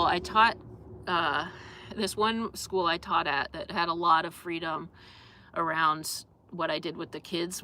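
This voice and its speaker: A woman's voice: fairly low pitch, bright, forceful tone, a little hiss or hum. A young adult woman hosting a casual live stream, chatting in a rambling way with lots of fillers and reading out viewer comments.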